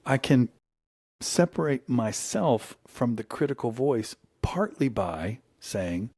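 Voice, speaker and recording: A middle-aged guest from the United States tells stories slowly and earnestly in a reflective conversation. His husky, darkish voice is medium-pitched with big pitch swings and lifts when he quotes, captured as clean studio audio with no room sound.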